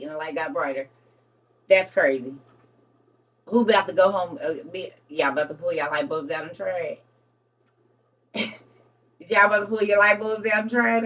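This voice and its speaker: Excitable woman livestreaming, a bit off-mic. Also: lowish voice, distant mic. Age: adult with a young son. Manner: excitable, laughing, talks to viewers as y'all. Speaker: live streamer. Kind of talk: casual live stream chat.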